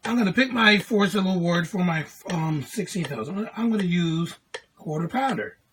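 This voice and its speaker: A woman's voice: fairly low pitch, lively intonation, brisk, fairly bright tone, slight background noise. A woman teaching a music lesson, patiently explaining note values and counting in before chanting syllables. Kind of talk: classroom lesson video.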